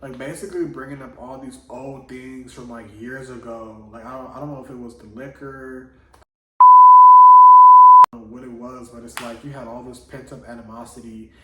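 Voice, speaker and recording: A man's voice: medium pitch, fairly even intonation, fairly quick, hardly any pauses, narrow, tinny audio, slight background noise. A man vlogging, telling a personal story in a loose, slangy casual monologue full of "like". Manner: loose slangy delivery, heavy on "like". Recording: echoey room, voice from a distance.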